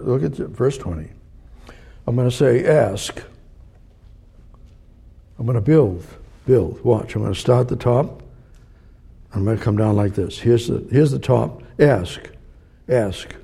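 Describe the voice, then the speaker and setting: A man preaching a sermon, building phrases up with emphatic repetition before easing into a soft prayer. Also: mid-range voice, gravelly, breathy edge. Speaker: pastor.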